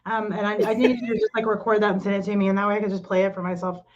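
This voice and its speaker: Middle-aged woman, rambling and self-deprecating, even-pitched voice, lo-fi dull sound. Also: rapid-fire. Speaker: podcast co-host and cafe owner. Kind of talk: casual chat.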